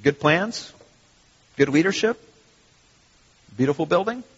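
Animated husky male pastor preaching. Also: fairly high pitch, a little slow. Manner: animated, rhetorical questions, repeats phrases. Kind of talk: sermon. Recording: long hall reverb, dull lo-fi sound.

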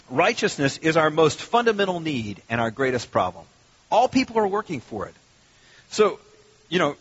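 A middle-aged man preaches with a lively, swooping delivery and a fairly high voice. His tone is husky, and he slips into loud mock rants. The recording sounds dull and lo-fi. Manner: animated, conversational preaching with sudden loud mock outbursts. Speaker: pastor. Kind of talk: sermon.

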